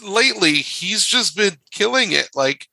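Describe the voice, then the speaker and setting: A man's voice: sits high, lively intonation, measured pace, vocal fry, bright, forceful tone, dry recording, poor audio. A man co-hosting a podcast in a casual chat, who laughs easily and repeats words as he restarts his sentences. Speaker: podcast co-host.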